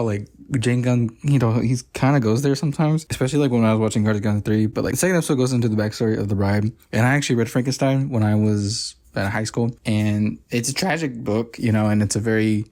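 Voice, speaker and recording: A man's voice: fairly low pitch, darkish tone. A young man rambling through a casual review of a show, full of fillers, restarts and frequent laughs. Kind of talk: casual video review chat.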